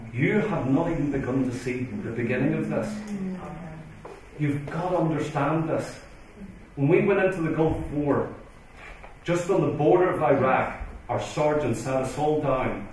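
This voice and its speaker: Middle-aged male preacher, high-pitched and emphatic, heard from far off in a booming hall. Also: darkish tone, slight background noise. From Ireland. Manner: emphatic, intense preaching with rising urgent calls. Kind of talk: conference sermon. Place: large church hall. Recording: echoey hall recording from far off.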